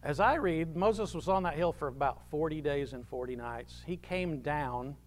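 A man preaching a sermon, swinging from loud proclamations to hushed asides. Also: a little high, normal speed. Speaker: pastor.

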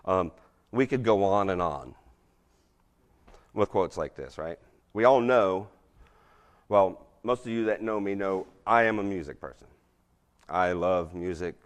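A man's voice: low voice, unhurried, pauses often. A middle-aged man giving a casual, interactive presentation to a church group, quizzing a live audience, with lots of ums and frequent "right?". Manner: chatty, drops in lots of ums and asks "right?".

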